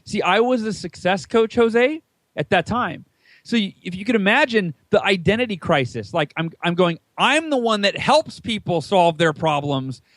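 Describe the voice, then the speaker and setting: An animated American man in his thirties tells his story as a podcast guest, jumping into a higher voice whenever he acts out what someone said. His voice sits high for a man and sounds dry and close. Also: moderate pace, no room sound. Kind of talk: casual storytelling interview.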